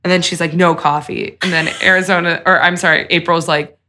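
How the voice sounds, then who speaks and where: Young woman cohost, lowish but bright voice, laid back, says like a lot, swears. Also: fairly even intonation, quick pace. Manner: laid-back, uses lots of "like", swears casually. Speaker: podcast co-host. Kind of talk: casual chat recapping a TV episode.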